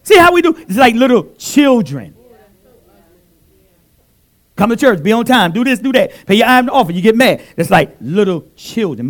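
Speaking into a handheld mic in a church, a man with a high-sitting voice preaches a sermon, calling out to the congregation and alternating between loud exclamations and soft asides.

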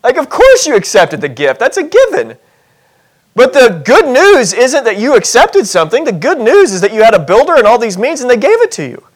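A man preaching a sermon as pastor of a church, animated and humorous, acting out little scenes in other voices. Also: extremely high pitch. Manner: animated, acts out voices in scenarios, self-deprecating humor.

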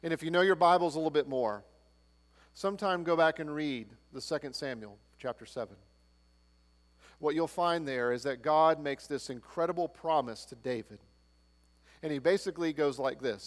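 A man preaching a sermon, swinging between loud proclaiming and hushed, low-spoken lines. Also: moderate pace. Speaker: pastor. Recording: long hall reverb.

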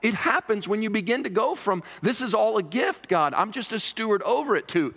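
Pastor preaching in reverberant church. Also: male voice, sits high, lively intonation, a little fast, few pauses, a bit bright. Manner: conversational preaching, rising to emphatic pleading. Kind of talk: sermon. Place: church sanctuary. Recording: long reverb of a church sanctuary.

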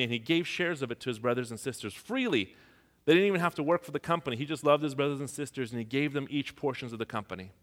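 A man from Iran, a pastor, preaching a sermon and telling personal stories, his voice dropping to a hush and rising to near shouts. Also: medium pitch. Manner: storytelling, swings from hushed to shouting. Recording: long hall reverb.

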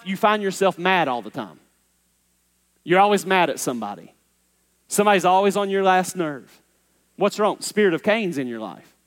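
A man preaching a sermon as pastor, emphatic, swinging from loud urging to low, intense tones. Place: church sanctuary. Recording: long reverb of a church hall.

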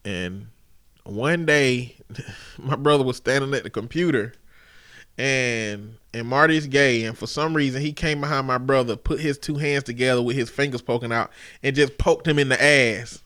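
A man with a bright, sharp-edged voice at a middling pitch, hosting a relaxed chat. He tells lively, profane workplace anecdotes and laughs as he goes. He talks to his co-host in a loose, casual way. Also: moderate pace, no room sound, studio quality. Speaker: podcast host.

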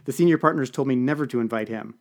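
A man's voice: mid-range voice, racing, natural voice. A man voicing a confident, gossipy woman lobbyist who hosts a party. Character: woman lobbyist party host, knowing and chatty.

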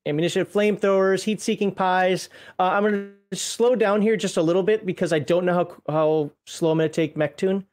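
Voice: medium pitch, fairly even intonation, fairly quick, hardly any pauses, darkish tone. A co-host in casual chat, reading entries from a game book aloud with playful asides and frequent laughter.

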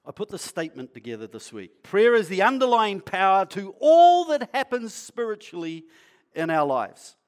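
A male pastor preaching in a conversational, playful way, asking the congregation questions and sometimes dropping to a quiet, earnest tone. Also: big pitch swings, normal speed. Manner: acts out a shopkeeper's sales pitch. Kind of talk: sermon.

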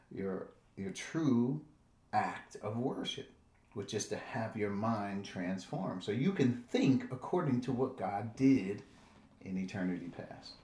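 A man's voice: on the low side, darkish tone, roomy sound. A man teaching a Bible study in a conversational way, often repeating words and checking in with "right?".

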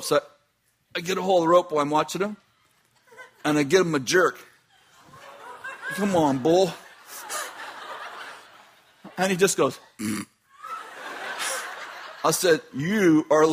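High-voiced man telling a laughing story. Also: a little hiss or hum. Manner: animated, laughing often while telling. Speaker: business owner telling a story. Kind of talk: casual storytelling.

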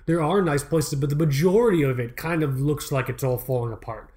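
A young man in casual chat, loose and excitable, swearing freely as he talks. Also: a little high, a little fast.

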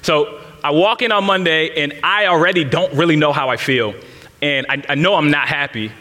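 A man's voice: on the high side, moderate pace, bright, forceful tone. A man in his thirties preaching a sermon, telling a candid personal story and speaking straight to the congregation in a large church hall. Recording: reverberant hall.

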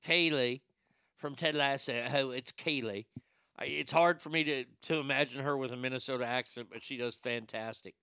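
A man's voice: mid-range voice, fairly even intonation, fairly quick, few pauses, pushed and bright, clean tone, no room sound, clean studio sound. A man in casual, rambling commentary, sarcastic and profane as he thinks aloud.

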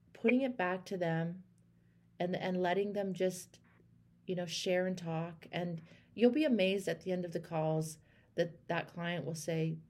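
A woman in her thirties coaching a caller on her show. She is encouraging and animated, and she acts out sample phrases. Her voice sits a little low. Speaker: host and life coach. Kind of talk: call-in coaching chat.

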